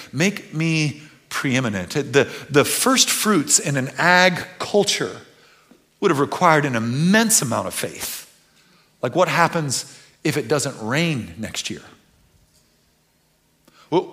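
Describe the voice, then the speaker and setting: A middle-aged man, preaching a conversational sermon that swings from quiet and earnest to loud, animated bursts. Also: medium pitch. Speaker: pastor.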